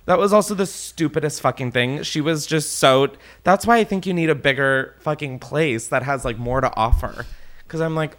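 A man's voice: fairly high pitch, normal speed, a bit bright. A man hosting prank calls, chatty and casual, swearing and laughing between calls. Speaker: prank call host. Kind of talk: casual prank call chat.

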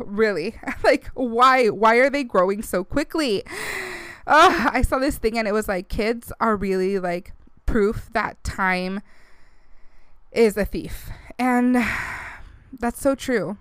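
A woman's voice: a little high, takes it slowly, a bit bright, clean tone, dry recording. A woman in her thirties hosting a casual podcast, chatty and close to tears, slipping Spanish phrases into her talk. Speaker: podcast host. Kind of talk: casual chat.

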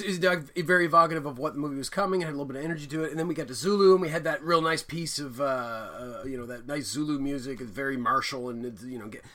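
A man co-hosting a film podcast in a casual comedic chat, rambling and animated, swearing and laughing often. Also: on the high side. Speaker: podcast co-host reviewing films.

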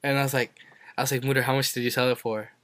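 Yeah a young guy rambling on his podcast, acts out the quotes, normal pitch. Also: little pitch movement, very fast, a bit bright, no echo, clean studio sound. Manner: rambling storyteller who acts out quotes with sudden high jumps. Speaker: podcast co-host. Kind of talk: casual chat.

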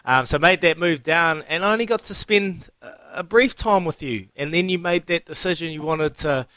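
A New man co-hosts a radio show and banters warmly with his guest. His voice sits a little high. The sound is dry and close, with no room around it. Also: normal speed, no room sound. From New Zealand. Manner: friendly, bantering. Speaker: radio co-host. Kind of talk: casual radio chat.

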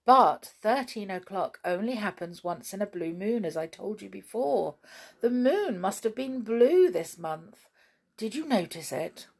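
A woman's voice: medium pitch, expressive, measured pace, creaky, husky, full character voice. A woman voicing a brave little male pixie in a storybook reading, earnest and solemn.

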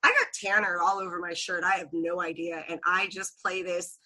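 A woman guest on a casual podcast, telling a story in an animated way, laughing often and acting out quotes. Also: lowish voice, normal speed.

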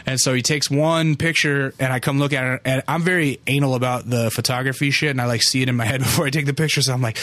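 A man's voice: medium pitch, fairly even intonation, fast talker, fairly bright tone, no echo. A man hosting a podcast, telling a rambling, casual story intro full of fillers and swearing. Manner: loose and profane, full of fillers. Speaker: podcast host.

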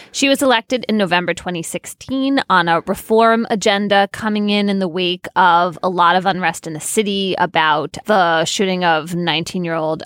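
A woman's voice: fairly low pitch, fairly bright tone, no room sound, studio quality. Articulate woman co-hosting a podcast. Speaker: podcast co-host. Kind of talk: casual political podcast chat.

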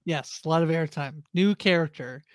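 A woman's voice: sits low, moderate pace, dry recording. Female podcast co-host, easygoing recap delivery with frequent fillers, dry recording. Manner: retells plot with frequent uh and um fillers. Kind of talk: casual episode recap chat.

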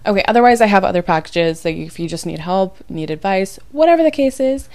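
Young adult woman podcast host, casual and emphatic, mid-pitch, dry close-mic sound, a little worn down. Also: lively intonation, a little fast, a little mellow, dry recording. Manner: chatty, emphatic, confiding. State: low and drained after crying. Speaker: podcast host and dating coach. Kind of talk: casual chat.

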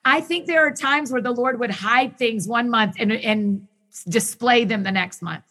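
A woman talking as a guest in a casual conversation, enthusiastic and quick in bursts, often restarting her sentences. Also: on the high side, pushed and bright. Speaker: podcast guest who hosts her own show.

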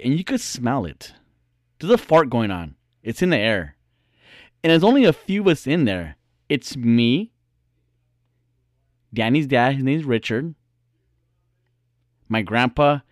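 Animated, laughing man telling a story. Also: medium pitch, no room sound, clean studio sound. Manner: animated, laughs often, swears freely. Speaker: storyteller talking to viewers. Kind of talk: casual storytelling.

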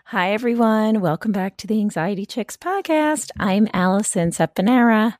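A woman's voice: mid-range voice, expressive, normal speed, no room sound, studio quality. A woman co-hosting a podcast in casual chat, reacting often to her co-host. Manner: warm interjections, reactive listener.

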